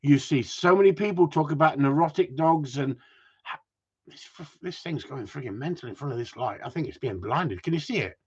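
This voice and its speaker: A man's voice: a little high, animated, fairly quick, breathy edge, dull audio. A man, a dog trainer hosting a live stream, chatting casually and ranting at length while reading out viewer comments, swearing freely.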